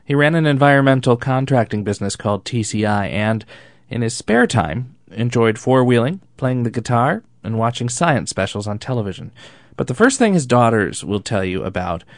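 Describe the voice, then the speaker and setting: A radio reporter narrating a feature story in a slow, calm, deliberate way. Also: mid-range voice, dry recording, studio quality.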